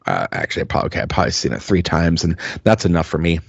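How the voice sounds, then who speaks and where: Rambling low-voiced man, lo-fi. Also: sing-song, very fast, gravelly, slightly rough, no room sound. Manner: rambling, many fillers and restarts. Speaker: podcast co-host. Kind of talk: casual chat.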